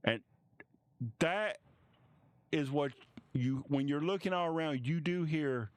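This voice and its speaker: A man narrating as game master of a tabletop game, halting and restarting often. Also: fairly high pitch, no echo. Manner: halting, many restarts and fillers.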